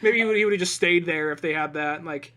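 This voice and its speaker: A man's voice: fairly high pitch, fast talker, bright, forceful tone. A man co-hosting a podcast, rambling casually about an old movie and acting out its lines with plenty of swearing. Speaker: podcast co-host.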